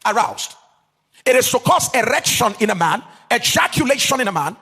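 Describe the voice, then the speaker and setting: A man's voice: very high-pitched, big pitch swings, gravelly, pushed and bright, breathy edge, long reverb tail. A man preaching a teaching sermon to a live audience in a sing-song cadence, stretching key words and asking the audience questions. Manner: asks the audience questions and pauses for answers. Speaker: pastor.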